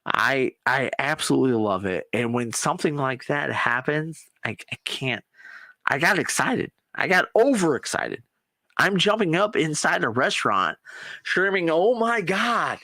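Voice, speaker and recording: Excitable man in casual sports chat. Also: mid-range voice, moderate pace, dry recording. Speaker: podcast host.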